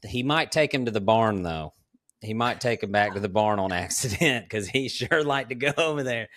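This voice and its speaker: A man, hosting a podcast and telling ranch stories in a relaxed, drawling way, laughing often. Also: fairly low pitch, normal speed. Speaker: podcast host. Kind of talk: casual storytelling chat.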